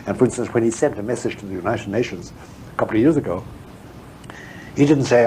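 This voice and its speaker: A man's voice: fairly low pitch, fast, pauses often, mellow, a little hiss or hum, rough recording. A man speaking as an interview guest, a historian and theologian, talking frankly and emphatically, repeating words when he presses a point. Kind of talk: frank, discursive interview talk.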